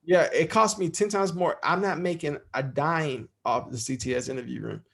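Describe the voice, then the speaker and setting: A man chats as a podcast guest in a loose, rambling storytelling manner and swears freely. His voice sits a little high and has a gravelly crackle. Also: moderate pace. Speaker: guest, interview podcast host. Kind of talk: casual storytelling chat.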